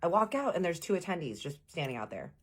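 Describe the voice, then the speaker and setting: Woman, young, low and chatty; storytime vlogger, slangy, plays out the dialogue. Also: big pitch swings, fast, breathy edge. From Texas. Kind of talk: casual storytime.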